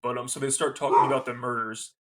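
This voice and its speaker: A man's voice: mid-range voice, level tone, fast talker, a bit bright. A man co-hosting a podcast, recapping a movie scene by scene in a loose, rambling way, gushing like a fan. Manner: loose and rambling, with many fillers. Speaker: podcast co-host. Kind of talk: casual movie review recap.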